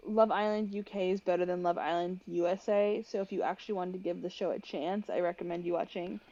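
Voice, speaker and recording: A woman's voice: fairly low pitch, fairly even intonation, fairly quick, mellow, muffled recording, slight background noise. Blunt young New woman. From New Jersey. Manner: blunt and emphatic when disagreeing. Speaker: podcast co-host. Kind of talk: casual chat.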